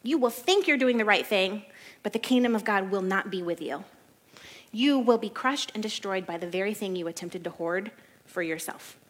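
A woman giving a casual Bible study, chatty and animated, often laughing and saying "like". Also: medium pitch, normal speed, husky. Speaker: Bible teacher.

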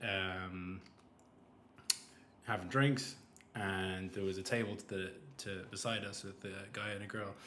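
A man's voice: deep voice, steady tone, a little slow, pauses often, fairly bright tone, a little hiss or hum. A man, co-hosting a podcast, telling a rambling story with acted-out quotes and lots of restarts. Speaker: podcast co-host. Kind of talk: casual storytelling chat. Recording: roomy echo.

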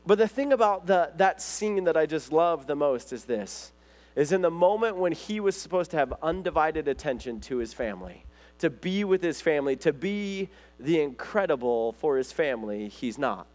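A male pastor with a somewhat high voice delivers a sermon like a relaxed chat. He tells stories loosely, with frequent fillers and self-corrections. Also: moderate pace. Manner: conversational storytelling, lively retelling.

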